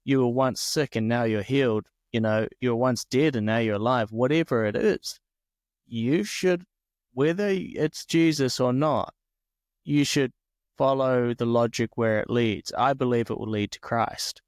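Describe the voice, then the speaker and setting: A man co-hosts a faith podcast and lays out his argument calmly, one step at a time. His voice has an ordinary pitch, and the recording is dry and close. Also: unhurried, dry recording. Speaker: podcast co-host. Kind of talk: casual faith podcast chat.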